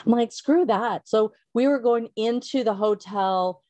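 A middle-aged woman, a company founder as a guest, telling her story in a casual interview and acting out quotes with big jumps in pitch. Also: steady tone, moderate pace, dark tone, no echo.

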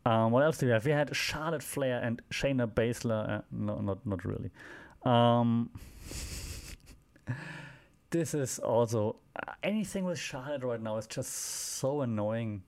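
A man's voice: medium pitch, unhurried, darkish tone. Rambling man recapping wrestling casually. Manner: rambling, with frequent fillers and wry asides. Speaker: podcast host.

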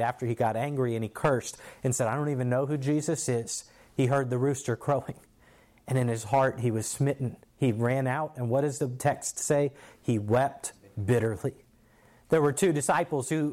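Preacher guy telling a bible story, chatty and vivid, bit high-pitched. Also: a little mellow. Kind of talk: sermon.

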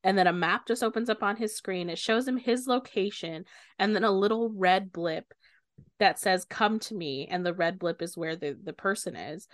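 A young woman co-hosting a podcast, retelling a book's plot in lively casual talk and swearing often. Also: medium pitch, normal speed, no room sound, clean studio sound. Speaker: podcast co-host. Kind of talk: casual book discussion.

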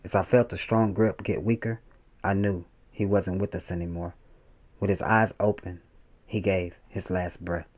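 A man with a low, mellow voice reads a first-person war story at an even, steady pace. The recording sounds dull and slightly lo-fi. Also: normal speed. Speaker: audiobook narrator.

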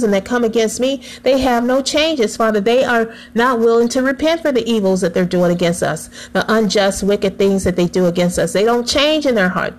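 A woman's voice: on the high side, darkish tone, rough recording. A woman praying aloud, fervent and pleading, returning again and again to the same address to God. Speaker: prayer leader. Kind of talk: spoken prayer.

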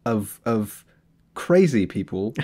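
A man co-hosting a casual movie review chat, animated and mocking, slipping into put-on voices when he quotes people. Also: on the low side, slow. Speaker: podcast co-host.

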